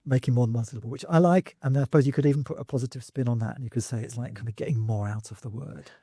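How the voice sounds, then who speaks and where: Hesitant man, dark husky voice. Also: medium pitch, very fast, dry recording, clean studio sound. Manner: thoughtful, hesitant, many restarts. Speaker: podcast co-host. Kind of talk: casual academic discussion.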